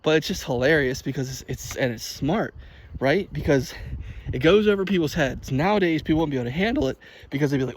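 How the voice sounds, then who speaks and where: A man vlogging outdoors on a walk, telling a story in an animated, chatty way and laughing often. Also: fairly high pitch, fast talker. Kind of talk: casual chat while walking. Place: outdoors by a field.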